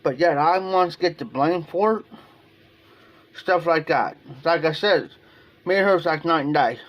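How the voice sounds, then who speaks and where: A man's voice: a little high, a little slow, highs cut off. A man from Ohio talking casually on a livestream in a rambling, emotional way, often repeating himself. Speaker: live streamer.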